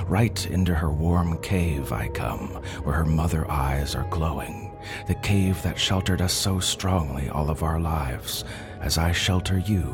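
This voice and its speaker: A man narrating a scripted story for a podcast in a hushed, intimate way. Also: rumbling low. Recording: music playing behind.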